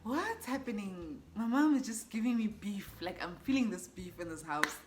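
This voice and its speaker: A young woman with a South African accent tells a personal story in a vlog, in a lively, exclaiming way with frequent laughs. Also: mid-range voice, moderate pace, background noise. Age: young adult. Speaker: vlogger.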